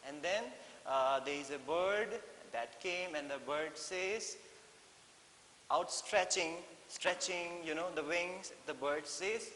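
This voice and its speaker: An Indian man teaching an English lesson in a classroom, explaining slowly and repeating phrases with frequent "okay?" checks. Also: on the high side, sharp tone. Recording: echoey hall with faint hiss.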